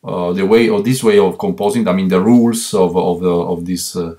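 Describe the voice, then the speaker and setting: Italian-accented man, halting with fillers. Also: deep voice, fairly even intonation, dark tone. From Italy. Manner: halting, many fillers and repeats. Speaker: guest violist. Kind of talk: interview over a remote line.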